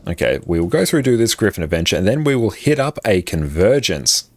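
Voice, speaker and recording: Low-voiced Australian man streaming a game. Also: sing-song, a little fast. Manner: upbeat, thanks chat often, laughs easily. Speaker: livestream gamer. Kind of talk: casual live-stream chat.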